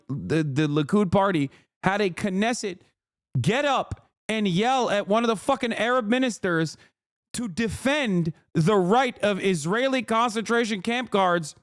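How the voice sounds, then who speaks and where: A man's voice: high-pitched, no echo. A man livestreaming casual political commentary, ranting in a sarcastic, profane, heated way on a close mic.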